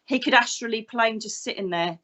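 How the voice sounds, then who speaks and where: A woman's voice: fairly high pitch, a little fast. An English woman in her fifties, a psychic medium guest in an interview, telling stories with energy and acting out the voices of the people in them. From England. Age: 50s. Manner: animated, acts out other voices in her stories. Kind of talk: storytelling interview talk.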